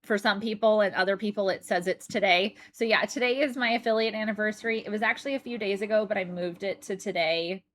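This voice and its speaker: A woman's voice: mid-range voice, fast, hardly any pauses, a bit bright. A woman livestreaming, chatting casually with her viewers, chatty and rambling with frequent fillers and restarts. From United States. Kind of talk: casual chat while reading chat.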